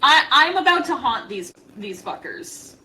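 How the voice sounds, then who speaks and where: A woman's voice: sits high, very animated, a little slow, a crowd in the background, low-quality recording. A woman playing a tabletop role-playing game, chatting playfully about her turn. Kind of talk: casual game chat.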